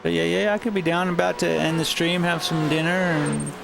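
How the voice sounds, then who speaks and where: A man streams a racing game and chats with his viewers in a relaxed, rambling way, often restarting his sentences. His voice has a gravelly edge. A clear noise runs under the recording. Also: a little high, a little fast. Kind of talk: casual streaming chat.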